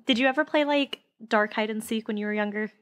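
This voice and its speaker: A woman's voice: on the high side, fast, fairly bright tone. A woman co-hosting a podcast, reacting in casual chat and laughing often. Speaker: podcast co-host.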